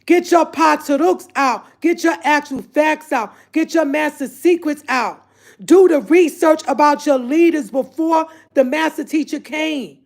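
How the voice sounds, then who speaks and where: Exasperated high-voiced woman ranting. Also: a little slow, vocal fry, darkish tone. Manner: exasperated, repetitive, addresses viewers as y'all. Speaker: vlogger. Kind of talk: emotional direct-to-camera rant.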